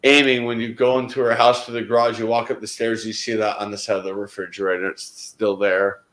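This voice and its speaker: A man's voice: lowish voice, little pitch movement, a little fast, fairly bright tone, roomy sound, rough recording. A man in casual group conversation, telling a heartfelt story in a rambling way, often restarting his sentences. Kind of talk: casual chat.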